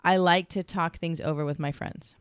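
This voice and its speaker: Chatty and quick to laugh, this middle-aged massage therapist goes through a questionnaire with someone, mimicking other people with lively voices. She speaks at a normal speed in a fairly low, clear, resonant voice, captured in a dry recording.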